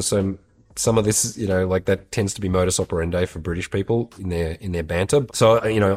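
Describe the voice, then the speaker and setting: A man hosting an advice show, talking through a listener's question in a blunt, candid way with casual swearing. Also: lowish voice.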